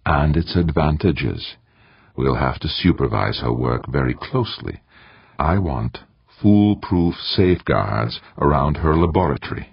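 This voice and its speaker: A man voicing a stern elderly male professor, who talks slowly and brusquely. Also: rumbling low, lively intonation, vocal fry, husky, no echo, heavily acted. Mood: indignant. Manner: slow, brusque and irritable. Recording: dull, muffled audiobook recording.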